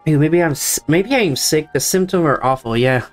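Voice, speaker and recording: A young man reading a visual novel aloud and switching between its characters, his voice sitting a little high. He breaks in with joking asides of his own. Faint music plays behind him. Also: expressive, normal speed. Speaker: gameplay narrator. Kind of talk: reading game dialogue aloud with commentary.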